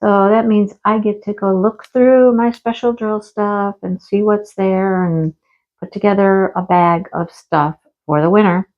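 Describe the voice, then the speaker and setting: A woman's voice: medium pitch, steady tone, unhurried, dull audio. A woman vlogger chatting casually and rambling while she works on a diamond painting. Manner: chatty and rambling, with fillers and asides. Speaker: crafting vlogger.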